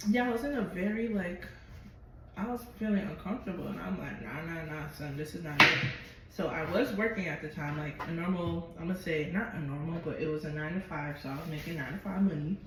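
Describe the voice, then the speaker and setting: A woman vlogger telling a personal story in a chatty, expressive way and swearing freely. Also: on the low side, brisk, far from the mic. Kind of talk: casual storytelling to camera. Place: at home. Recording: very echoey room, voice from afar, noisy.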